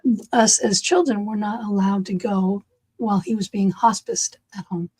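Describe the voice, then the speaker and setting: A middle-aged woman, a podcast host, telling a personal story in an animated, chatty way and laughing along. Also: mid-range voice, normal speed, husky. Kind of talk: casual podcast conversation.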